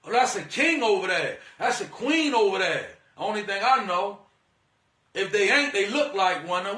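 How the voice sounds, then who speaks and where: A man with a high, sharp, bright voice delivers a casual spiritual pep talk in blunt, profane slang. He keeps calling the listener "divine being" and lectures with a preachy edge. The sound is roomy, from a little way off the mic. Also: distant mic. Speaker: spiritual energy reader.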